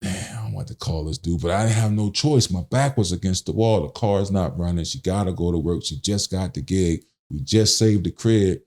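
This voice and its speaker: Deep-voiced man telling a story animatedly. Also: moderate pace, few pauses. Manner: animated storyteller, acts out quotes, slangy. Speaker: podcast guest. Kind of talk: storytelling in casual interview.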